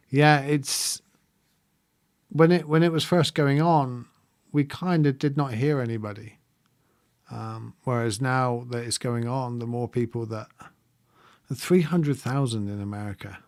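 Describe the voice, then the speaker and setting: A man speaks in a soft, halting way, pausing on frequent ums and letting small laughs slip in. The sound is close and dry, with no room behind it. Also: mid-range voice, no echo. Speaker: meditation livestream host. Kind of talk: live-streamed reflective talk, reading viewer comments.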